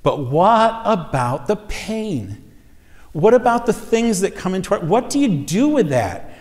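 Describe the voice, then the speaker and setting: Male pastor, fairly high voice, earnest sermon storyteller, long church reverb. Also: big pitch swings, measured pace, darkish tone. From USA. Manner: earnest storytelling, voice rising with emphasis. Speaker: pastor teaching a series. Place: church sanctuary.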